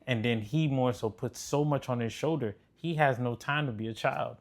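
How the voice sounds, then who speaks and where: A man's voice: medium pitch, normal speed. A man giving blunt, preachy commentary on relationships, swearing freely as he reacts to clips. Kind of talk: casual commentary.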